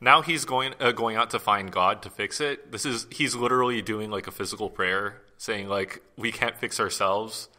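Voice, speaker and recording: A man's voice: fairly low pitch, moderate pace, hardly any pauses, bright, forceful tone. A man co-hosting a podcast in casual chat, musing reflectively with a joking streak. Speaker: podcast co-host.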